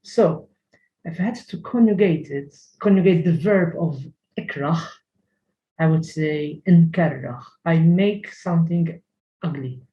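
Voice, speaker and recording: A man's voice: on the high side, measured pace, lo-fi sound. A man teaching a language lesson, carefully repeating words to model pronunciation, often hesitating.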